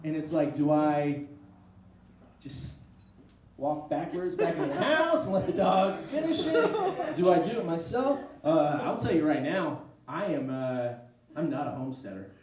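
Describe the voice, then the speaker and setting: A man doing a stand-up comedy set, telling a rambling story with deadpan asides. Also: a little high, a little slow, a crowd in the background. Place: comedy club stage. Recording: echoey room, distant mic, noise. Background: audience laughter.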